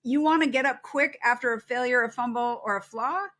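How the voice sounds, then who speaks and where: A middle-aged woman psychologist giving earnest, animated advice as a guest in a podcast interview. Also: on the high side, fairly quick. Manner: earnest, animated, acts out quoted self-talk.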